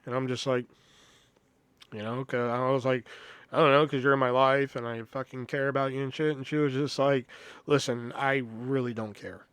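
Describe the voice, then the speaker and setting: A man in his thirties rambles through a personal story on his podcast, swearing freely and leaning on filler words. His mid-pitched voice sits close to the mic in a dry, dead room. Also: fairly even intonation, moderate pace, fairly bright tone, smooth, no room sound. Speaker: podcast host. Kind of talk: casual storytelling monologue.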